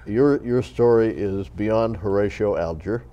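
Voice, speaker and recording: A male host opens and steers a television interview, speaking in a measured, courteous manner. His voice sits low and has a dark, mellow tone, and he pauses often on hesitant "uh"s. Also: lo-fi sound. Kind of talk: interview hosting.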